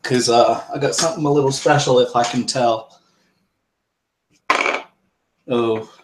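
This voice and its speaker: Male tabletop player, slow and deliberate, thinks aloud, echoey room. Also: mid-range voice, fairly even intonation, slight background noise. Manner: thinks aloud, describes his character's actions. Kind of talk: tabletop game play.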